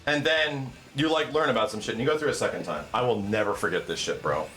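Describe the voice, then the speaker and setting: A man co-hosting a casual gaming debate, telling stories in an animated, profane way. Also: mid-range voice, quick pace, faint music behind. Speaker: co-host of a gaming debate stream. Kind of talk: casual group chat.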